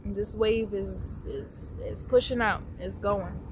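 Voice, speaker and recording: A woman giving an unscripted spiritual monologue, meandering and repeating words, with soft laughs here and there. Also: mid-range voice, steady tone, takes it slowly, background noise. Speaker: spiritual teacher.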